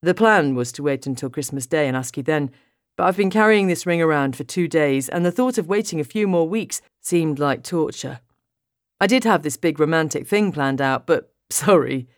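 A woman reading an audiobook, voicing a playful, affectionate young man who teases his girlfriend in an unhurried way. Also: low-pitched, animated, no room sound, clean studio sound. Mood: teasing. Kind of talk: audiobook character voice.

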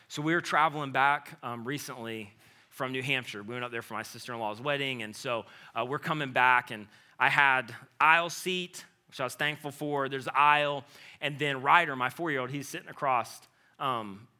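A man in his thirties preaching a sermon, swinging between loud urgent stretches and hushed low passages. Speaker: pastor.

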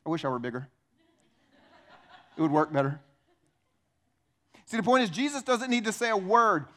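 A man preaching a sermon, animated and emphatic, asking rhetorical questions of his congregation. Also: sits high, normal speed. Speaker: pastor.

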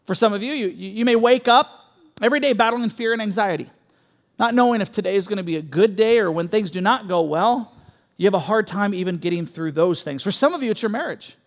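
A man preaching a sermon as a pastor, animated and conversational, acting out quoted voices with frequent restarts. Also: high-pitched, fairly quick. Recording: long hall reverb.

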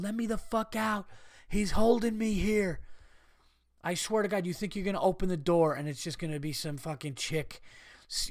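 A fairly high-voiced American man in his thirties rants through a comedic podcast monologue, swearing freely and sounding exasperated. The sound is dry and close, with no room around him. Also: no echo. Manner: profane, ranting, exasperated. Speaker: podcast host.

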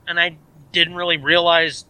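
A man co-hosting a podcast, chatting casually and retelling a story with animated quoted voices. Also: a little high, moderate pace, clean tone, dry recording, poor audio. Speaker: podcast co-host. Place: in a moving car.

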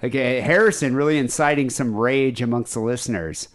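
A man's voice: medium pitch, brisk. A man co-hosting a crude comedy podcast, in casual chat, laughing often. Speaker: podcast co-host.

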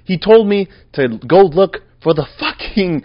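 A young man talks on his podcast in a restless, swearing ramble, his voice a little high and jumping all over the place. He drops to mutters, then bursts out loud. The sound is dry and somewhat dull. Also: measured pace, no echo. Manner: profane, rambling and animated, with swings between mumbling and loud outbursts. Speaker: podcast host. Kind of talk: casual solo podcast rant.

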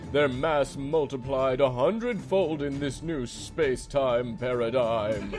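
Male game master, slow, mock-epic fantasy narration with a music bed. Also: a little high.

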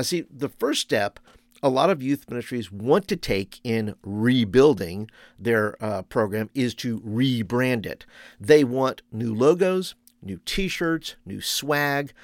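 A man's voice: mid-range voice, dry recording. A man hosting a youth ministry podcast, talking in a conversational way with frequent fillers and restarts. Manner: conversational, many fillers and restarts, laughs at own stories. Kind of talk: podcast monologue.

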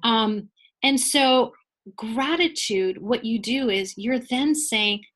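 A woman in her forties, a guest in a conversational interview, explaining ideas in a playful, animated way and laughing often. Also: fairly high pitch, takes it slowly.

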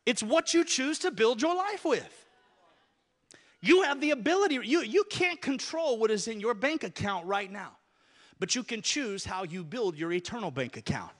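A man's voice: very high voice, very animated, normal speed. A man preaching a sermon to a church congregation, calling for responses and repeating key phrases for emphasis. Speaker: pastor.

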